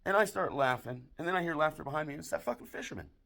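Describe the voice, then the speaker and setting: An American barroom joke teller rattles off crude, dirty jokes in a comic monologue full of swearing, keeping a dry, deadpan tone. His voice is a little high and gravelly, and he races along.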